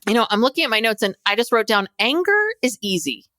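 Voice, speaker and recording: Animated woman podcast co-host. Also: a little high, very fast, clear, resonant tone, dry recording, studio quality. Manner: animated, acts out quotes of others. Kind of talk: casual chat.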